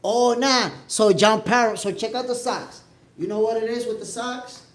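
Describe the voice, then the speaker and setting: A man from New York City with a New York accent, hosting a boxing show as a casual livestream chat from home, animated and talking straight to his viewers. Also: very high voice, normal speed. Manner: animated, repeats himself, talks straight to viewers. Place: home, at the Dominican Republic.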